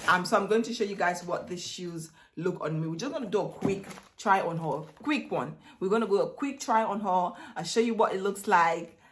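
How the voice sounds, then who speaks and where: A woman in her thirties chatting excitedly and rambling in a casual try-on haul vlog at home. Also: lowish voice, a little hiss or hum. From Netherlands. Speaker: beauty vlogger. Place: home room. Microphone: camera set down, handheld mic removed.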